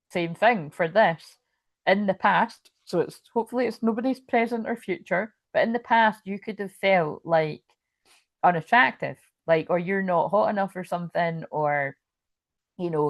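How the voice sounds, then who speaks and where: A woman's voice: on the low side, no echo. A woman giving a live tarot reading in a loose, rambling way. She swears casually and keeps checking in with her listeners. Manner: keeps checking in with "you know what I mean". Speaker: tarot reader.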